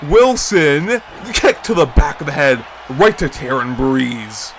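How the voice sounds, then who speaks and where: A young man doing excited play-by-play commentary on a video game wrestling league, breaking into high shouts at big moves and chatting to viewers in between. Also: a little slow, slight background noise.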